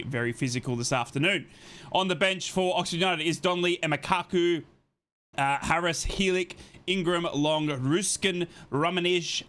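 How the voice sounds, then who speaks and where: A man's voice: a little high, fairly bright tone. A man hosting a live football watchalong, reading out the lineups and greeting chat viewers by name in an upbeat, chatty way. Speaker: host of a football watchalong stream.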